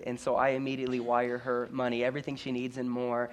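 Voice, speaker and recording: A man's voice: mid-range voice, completely flat delivery, fast talker, few pauses. Earnest man preaching a sermon. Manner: earnest storytelling with stammered restarts and repetition. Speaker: pastor.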